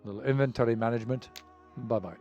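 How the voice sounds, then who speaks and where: A man streaming a game live, talking in an easygoing, rambling way with lots of fillers and soft chuckles. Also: mid-range voice, fast talker, muffled recording, faint music behind.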